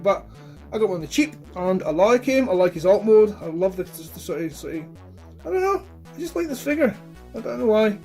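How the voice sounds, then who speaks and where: A man's voice: sits high, darkish tone. A man chatting casually about his toy collection, rambling and blunt with plenty of swearing. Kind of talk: casual chat.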